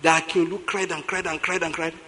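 A male pastor with a Nigerian accent delivers a lively sermon in a notably high voice. he tells stories with a lot of energy, hammers points home by repeating himself, and breaks into laughter often. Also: a little fast. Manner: animated storytelling, repeating lines for emphasis, laughs often.

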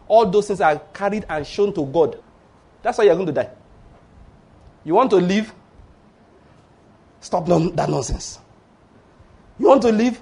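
A high-voiced preacher with a husky edge, swinging his pitch up and down as he presses his points home. He drives the sermon hard, tacking an "oh" onto his warnings and slipping into playful little stories. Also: animated, moderate pace, long pauses, a little mellow. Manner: emphatic, exhorting with tag words like "oh".

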